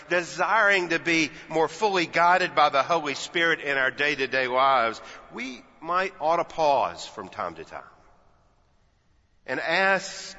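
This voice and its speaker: A man's voice: on the high side, bright, forceful tone. A man in his fifties, a pastor from Texas, preaching a sermon in a church sanctuary with folksy storytelling and playful asides. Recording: dull audio with long church reverb.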